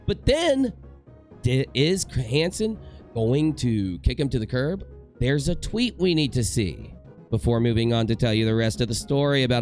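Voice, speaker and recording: Rambling, joking young YouTuber man. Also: medium pitch. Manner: joking, rambling, self-mocking asides. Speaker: commentary YouTuber. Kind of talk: casual commentary rant. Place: home room in front of a green screen.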